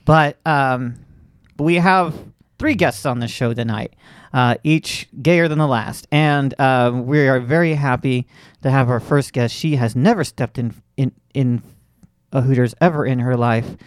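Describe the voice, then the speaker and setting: A man's voice: mid-range voice, unhurried, no echo, clean studio sound. A man from Florida hosting a comedy podcast, chatting wryly with lots of fillers and restarts. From Central Florida. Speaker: podcast host. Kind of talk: casual comedic chat.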